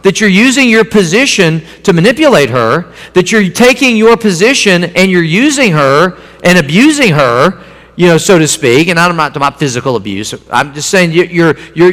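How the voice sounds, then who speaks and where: Folksy high-voiced male preacher. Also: very animated, moderate pace, fairly bright tone. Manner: folksy, conversational preaching with repeated phrases. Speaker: pastor. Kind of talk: sermon. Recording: long hall reverb.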